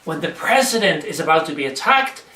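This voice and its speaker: In an echoey room and off mic, a man with a slightly high, sing-song voice talks a little fast over background noise. He presents a comic church devotional video, telling jokes and then answering himself as a weary skeptic, playing both parts.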